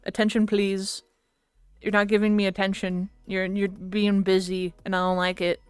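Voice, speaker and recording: A woman voicing a pushy pet husky. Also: mid-range voice, completely flat delivery, moderate pace, dry recording, soft background music, natural voice. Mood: demanding. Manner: complaining, insistent. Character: attention-hungry female pet husky, demanding.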